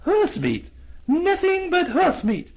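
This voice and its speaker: A man voicing a cranky, hard-of-hearing old woman customer with a shrill, indignant voice in a storybook. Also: wildly swooping pitch, slow, a little mellow, full character voice. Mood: triumphant.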